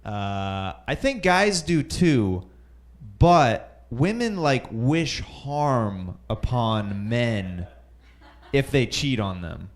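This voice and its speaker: A man's voice: mid-range voice, big pitch swings, extremely slow. A young man doing nervous, rambling stand-up at an open mic in a comedy club, full of fillers and chuckles at his own jokes. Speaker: stand-up comic.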